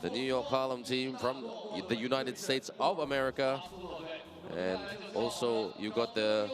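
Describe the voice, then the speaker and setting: A man commentating a live basketball game, energetic and chatty, greeting viewers in several languages. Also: medium pitch, unhurried, over music. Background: crowd.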